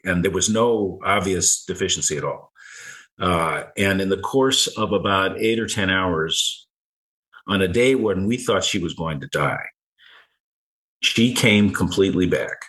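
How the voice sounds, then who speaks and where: A middle-aged man recounting a personal story in conversation, halting and repeating words, with small chuckles. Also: sits low, sharp tone, poor audio. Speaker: guest.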